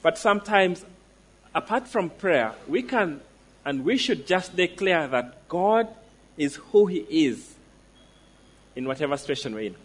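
A man preaching a sermon, emphatic, slowing down to stress declarations and asking the listeners direct questions. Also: fairly high pitch, very animated, slightly rough.

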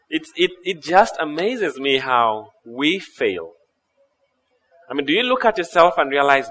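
A man preaching a sermon in a fairly high voice. He tells scripture stories with animated, acted-out dialogue, dropping low for solemn lines, and now and then laughs at his own retellings. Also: measured pace, pauses often, poor audio. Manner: animated storytelling, acting out dialogue.

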